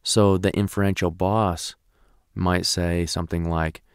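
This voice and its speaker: Deep, gravelly male trainer. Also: little pitch movement, unhurried, no room sound, studio quality. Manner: conversational, keeps checking in with "right?". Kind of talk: recorded lecture.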